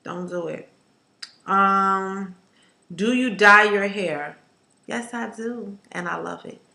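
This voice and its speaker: Bright-voiced emphatic woman vlogger. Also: mid-range voice, slow, gravelly. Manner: emphatic, animated, ranting with repetition. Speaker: hair vlogger. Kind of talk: casual to-camera chat. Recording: echoey room.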